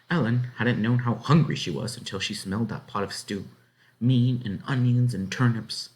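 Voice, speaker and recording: Lively low-voiced male storyteller. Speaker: reader. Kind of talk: read-aloud storybook narration.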